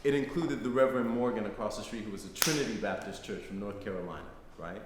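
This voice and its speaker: Middle-aged male lecturer, conversational storyteller, lower voice, recorded in a reverberant hall. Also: fast. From United States. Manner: conversational, frequent "right?" tags. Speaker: guest lecturer. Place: lecture hall, live audience. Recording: echoey hall, faint noise.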